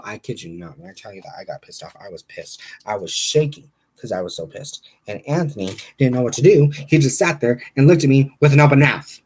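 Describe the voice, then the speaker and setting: A man hosting a live stream, telling a story in a casual, animated, exasperated way and talking straight to his viewers. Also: medium pitch, fairly quick, few pauses, breathy edge. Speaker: livestream host.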